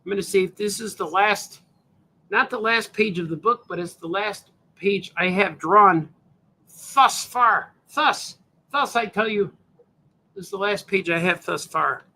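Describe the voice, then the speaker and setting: Man, cartoonist livestream, laid-back rambling, high voice, gravelly edge. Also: measured pace, bright, forceful tone. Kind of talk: casual livestream chat.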